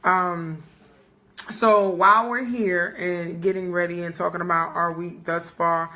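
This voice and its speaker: A young woman with a bright, forward tone, co-hosting a casual live-streamed chat. She talks loosely, jokes and swears freely, and laughs often. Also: lowish voice, fairly even intonation, measured pace. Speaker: podcast co-host.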